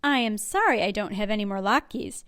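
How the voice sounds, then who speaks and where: A woman reading a picture book aloud and voicing a kind, cheerful old grandmother who fusses over a guest and scolds gently. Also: mid-range voice, expressive, moderate pace, lightly acted. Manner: warm, fussing, chatty and gently scolding.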